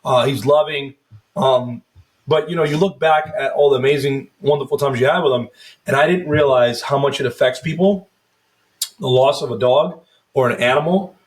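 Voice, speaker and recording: A man's voice: mid-range voice, normal speed. A man in his thirties hosting a casual podcast as a first responder, telling profane, rambling stories and slipping into mock voices. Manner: profane, loose storytelling that slips into mock voices.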